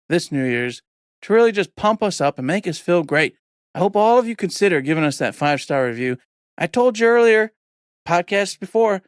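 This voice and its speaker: A man's voice: high-pitched, no room sound, clean studio sound. A man hosting a podcast in casual chat, talking in a loose, rambling, jokey way. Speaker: podcast host.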